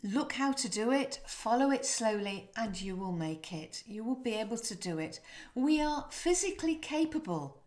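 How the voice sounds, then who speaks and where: A woman teaching French pronunciation, demonstrating sounds slowly and coaching the viewer to repeat. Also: a little high, expressive, darkish tone. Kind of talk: pronunciation lesson to camera.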